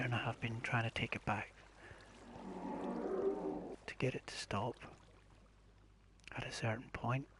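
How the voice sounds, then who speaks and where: A man streaming a building game live, talking himself through his plans in a low-key, methodical way. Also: a little hiss or hum. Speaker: gaming streamer. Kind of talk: live gameplay commentary.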